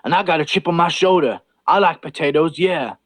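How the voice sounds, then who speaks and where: A man's voice: a little high, brisk, fairly bright tone, voice pushed up. A man imitating an adult male fighter who strings unrelated phrases together. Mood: upbeat rambling. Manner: disjointed, jumping between unrelated phrases. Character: rambling adult male fighter, cheerful non sequiturs.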